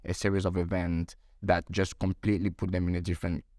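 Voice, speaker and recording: A man's voice: sits low, little pitch movement, fast talker, darkish tone, no echo, clean studio sound. A man hosting an interview, thinking aloud and searching for his words. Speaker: interview host. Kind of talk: reflective interview talk.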